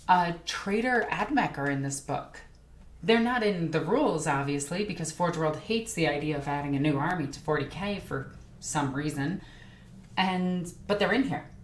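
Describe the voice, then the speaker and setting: A young adult woman hosting her channel in a chatty, rambling way, often correcting herself as she goes. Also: on the low side. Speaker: channel host. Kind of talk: casual hobby commentary. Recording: echoey room.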